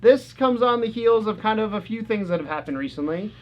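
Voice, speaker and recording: A man co-hosting a casual gaming couch chat, blunt and quick to swear. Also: high-pitched, lively intonation, dull audio. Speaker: co-host of a gaming channel.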